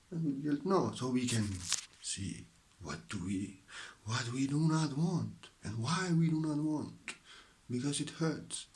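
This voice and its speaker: A man speaks as a spiritual teacher at home, his pitch sitting in the middle range for a man. His delivery is slow and meditative, often sinking into soft whispers before rising again. His accent is a blend picked up from living around the world, and a faint hiss sits under the recording. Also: lively intonation. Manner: slow, meditative, drifting between whispers and fuller voice. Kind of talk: spiritual talk to camera. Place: at home beside his stove.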